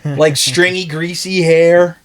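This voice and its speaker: A man's voice: a little high, fairly even intonation, slow, a crowd in the background. A man telling a long story in casual podcast chat, loose and profane, laughing often as he goes.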